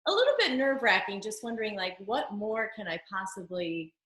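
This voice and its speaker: A woman tells a story as an interview guest, animated and emotional, her voice rising and falling with feeling. She talks over a video call, and her sound carries a noticeably roomy echo. Her pitch sits in an ordinary middle range for a woman. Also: brisk. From United States. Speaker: interview guest, singer and actress.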